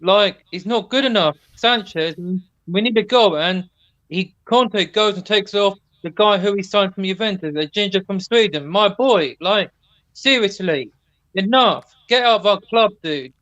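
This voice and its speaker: Angry high-voiced male caller. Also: animated, a little slow, a bit bright, no echo. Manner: angry, swearing rant. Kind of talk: fan phone-in chat. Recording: muffled call audio.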